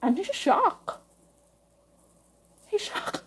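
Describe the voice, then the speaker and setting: A woman telling a painful personal story in halting, emotional bursts, with frequent restarts. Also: extremely high pitch, sing-song, low-quality recording. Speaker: vlogger.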